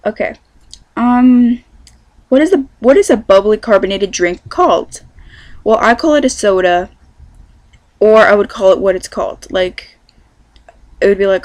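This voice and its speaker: A woman's voice: mid-range voice, lively intonation, moderate pace, pauses often, a little mellow, no echo. A teenage girl from California, chatting casually through a question-and-answer vlog, rambling with lots of ums. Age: teens. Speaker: vlogger.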